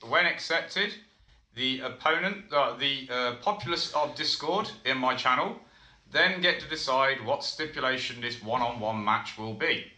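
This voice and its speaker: A man's voice: medium pitch, unhurried, sharp tone. A man hosting a casual streamed wrestling show, chatting in a rambling way with fillers and restarts. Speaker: show host. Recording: echoey room.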